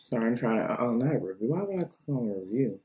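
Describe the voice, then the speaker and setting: A woman's voice: extremely low pitch, very animated, fast talker, dark tone, slight background noise. Chatty woman tasting food in an echoey room. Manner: chatty, rambling, thinks aloud between bites. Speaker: food reviewer. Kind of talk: casual food tasting vlog.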